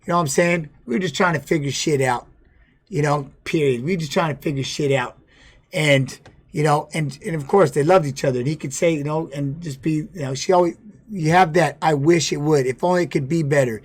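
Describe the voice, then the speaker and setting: Middle-aged man, fairly high voice, blunt and profane, casual livestream storyteller. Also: fairly quick. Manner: blunt, profane, with many restarts and "you know what I mean". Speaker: former fighter streaming to viewers.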